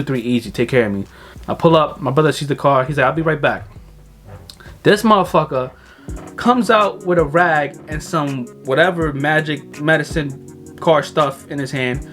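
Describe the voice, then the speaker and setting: A young man tells a long story in a loose, casual vlog style, cursing freely as he goes. He slips into quick little impressions of the people in the story, his pitch jumping up for their lines. Faint music plays quietly under his voice. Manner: animated, swears freely, acts out other people's lines. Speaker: car vlogger.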